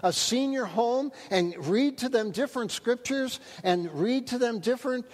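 High-voiced preacher in an echoing hall. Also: male voice. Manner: earnest, emphatic preaching with slowed key phrases. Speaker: pastor. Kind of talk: sermon.

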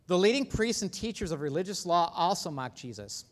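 High-voiced preacher in an echoing hall. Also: male voice, lively intonation, fairly quick, hardly any pauses. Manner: earnest preaching, swings between loud emphasis and hushed lows. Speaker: pastor. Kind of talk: sermon. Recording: long hall reverb.

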